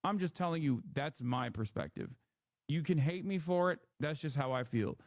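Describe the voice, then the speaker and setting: A man's voice: fairly high pitch, animated, moderate pace, dry recording, studio quality. Blunt, opinionated streamer guy. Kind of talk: casual live commentary rant.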